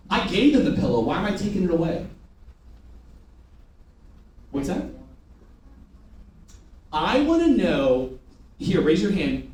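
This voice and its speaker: High-voiced man leading echoey sales training. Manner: energetic, rhetorical questions, call-and-response with the room. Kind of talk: live sales training demonstration. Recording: echoey room from far off, faint noise.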